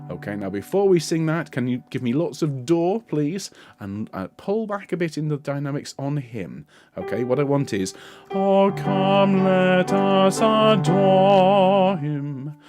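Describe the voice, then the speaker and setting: A middle-aged man coaching a bass section, patiently explaining and singing lines to show how they go. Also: very animated, moderate pace, dark tone, faint music behind. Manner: demonstrates sung phrases between spoken instructions; encouraging, patient. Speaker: choir director. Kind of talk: choir rehearsal coaching.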